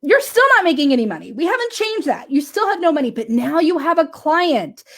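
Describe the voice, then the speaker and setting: A woman business coach telling a client story in a casual motivational talk, animated and laughing often, checking in with "right?". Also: sits high, fairly quick.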